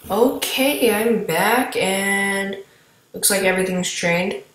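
Slow, rambling woman narrating gameplay, echoey room. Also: mid-range voice, fairly bright tone, a little hiss or hum. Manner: rambling, chatty, talks to viewers while playing. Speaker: gameplay commentator. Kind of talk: casual gameplay commentary.

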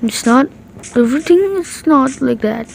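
A woman casually commenting on her own gameplay, excitable and repeating short exclamations. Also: high voice, moderate pace, vocal fry, slight background noise, low-quality recording. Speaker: gaming channel host.

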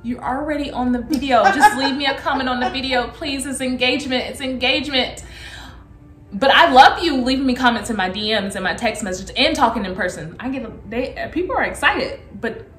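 A woman's voice: brisk, roomy sound, faint music behind. A woman, a vlogger chatting casually and telling a story with lots of laughter. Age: 30s. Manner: animated, laughing, acts out quotes in a high excited voice.

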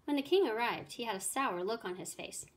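A woman teacher reading a children's math story aloud with clear, expressive storytelling. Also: a little high, fairly quick.

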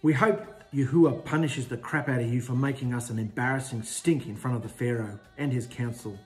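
A man's voice: medium pitch, brisk, soft background music, lightly acted. A man voicing desperate male slave foremen who plead and then turn resentful.

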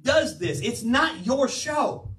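Older man, pastor, emphatic sermon, high voice; roomy church sound, mic at a distance. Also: slow pace. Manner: animated, emphatic preaching with quoted asides. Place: church sanctuary.

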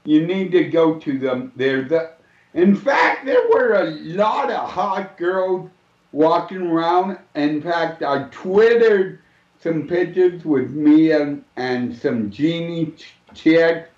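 Slow, easygoing man in a roomy room. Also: a little high, expressive, darkish tone. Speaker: host. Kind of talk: casual radio chat. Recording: roomy, dull lo-fi sound.

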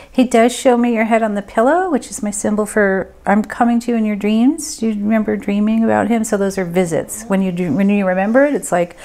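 A woman's voice: medium pitch, darkish tone. Hesitant woman giving a medium reading. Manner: hesitant, thinking aloud with many ums. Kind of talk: group reading, casual talk.

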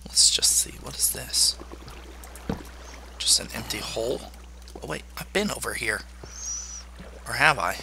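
A man's voice: medium pitch, animated, measured pace, vocal fry, pauses often, whispered. A man giving chatty video game commentary, joking and talking to the monsters in the game. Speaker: gamer.

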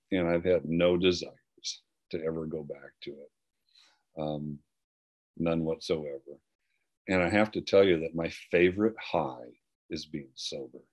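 An older man with a low, deep voice recounts his own story as a personal testimony. He speaks earnestly and haltingly, often restarting his sentences. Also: a little mellow. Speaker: guest speaker.

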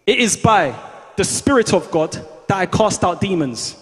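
Man, very high voice, fervent preacher, call-and-response, reverberant church hall. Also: animated, moderate pace, fairly bright tone. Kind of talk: sermon. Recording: long reverb of a large hall.

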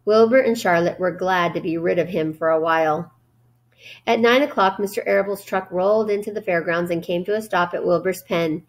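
Female teacher, storybook read-aloud, gentle and steady. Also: lowish voice, a little fast.

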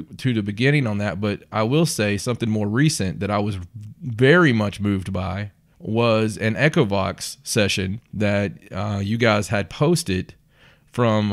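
A man with a lowish voice hosts a casual podcast interview. He rambles a bit and hesitates as he sets up his questions. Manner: hesitant, rambling, lots of fillers and restarts. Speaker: podcast host.

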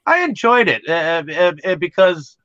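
A man's voice: high-pitched, sing-song, moderate pace, bright, forceful tone, no echo, highs cut off. A man co-hosting a casual movie discussion podcast, talking hesitantly with many fillers and restarts. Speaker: podcast co-host.

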